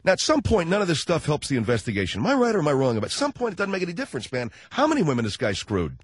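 A man's voice: a little high, wildly swooping pitch, rapid-fire, husky, dry recording. A man hosting a comedic talk radio show, rambling through a sarcastic monologue.

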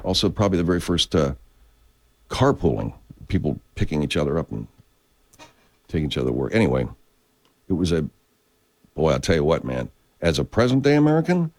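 A man with a very deep, low voice talks casually as a show host. He rambles and swears a lot, his pitch swinging widely as he gets excited and then drops low again. He restarts sentences often. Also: fairly quick, long pauses. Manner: profane, digressive, frequent restarts. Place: California.

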